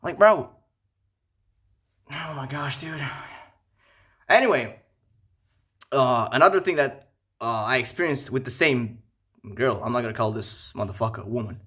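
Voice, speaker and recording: A young man telling a casual, profane storytime rant, animated and incredulous. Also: mid-range voice, measured pace, long pauses. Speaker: vlogger.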